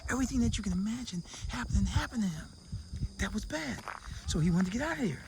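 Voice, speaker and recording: High-voiced man telling a joke animatedly. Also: lively intonation, fast, background noise. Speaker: vlogger living abroad. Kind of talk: casual storytelling to camera.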